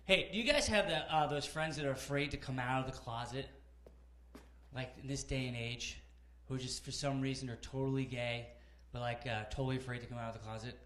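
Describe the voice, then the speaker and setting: A man in his thirties doing a conversational stand-up set in a comedy club, animated storytelling with acted-out characters. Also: medium pitch, fairly quick, roomy sound, a little hiss or hum. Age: 30s. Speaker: stand-up comic.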